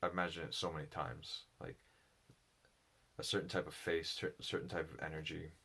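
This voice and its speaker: Low, slow, reflective man. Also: level tone, gravelly, sharp tone, husky. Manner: halting, thoughtful, with pauses and restarts. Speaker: solo speaker on personality psychology.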